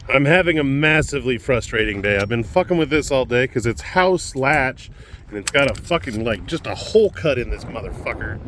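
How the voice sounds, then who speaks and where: A frustrated man rants into the camera, swearing often and circling back over his complaints. His voice sits at an ordinary middle pitch for a man. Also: moderate pace, pushed and bright, slight background noise. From Kansas, United States. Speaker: vlogger. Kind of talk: venting vlog.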